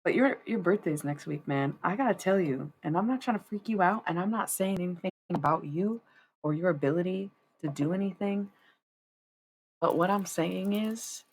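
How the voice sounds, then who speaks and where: A woman's voice: lowish voice, a little hiss or hum. A woman in her thirties chatting casually and profanely on a tarot livestream. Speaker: tarot-reading streamer.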